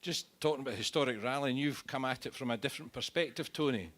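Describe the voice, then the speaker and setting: A man's voice: mid-range voice, quick pace, fairly bright tone. A man hosting a panel discussion, prompting guests with jokey questions. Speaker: forum host.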